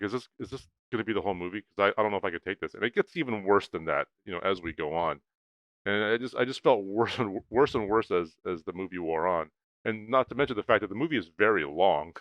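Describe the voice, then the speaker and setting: A man's voice: lowish voice, quick pace, fairly bright tone, dry recording, lo-fi sound. A man co-hosting a movie podcast, speaking earnestly and hesitantly, often repeating words as he works through his thoughts. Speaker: podcast co-host. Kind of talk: casual movie-review chat.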